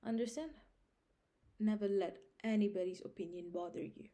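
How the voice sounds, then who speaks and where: A young woman talks straight to her viewers in a casual advice vlog. Her voice is warm and mellow, and she sits at an ordinary middle pitch. She hammers her points home by repeating them and keeps checking that the listener is following. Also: steady tone, moderate pace. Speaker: vlog host giving life advice. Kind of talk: casual direct-to-camera advice.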